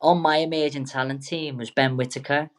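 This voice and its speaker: Young lad, guest boxer; loose, sweary, jokey storyteller who keeps backtracking. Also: male voice, on the high side, steady tone, a little fast. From England. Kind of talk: casual storytelling interview.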